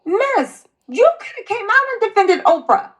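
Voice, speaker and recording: A woman co-hosting a comedic commentary, asking sarcastic, animated questions. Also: very high voice, normal speed. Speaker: co-host.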